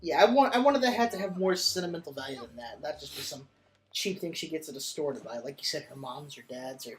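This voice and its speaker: A man co-hosting a casual commentary on a cartoon episode, animated, laughing often and swearing freely. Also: on the high side, fast, background noise.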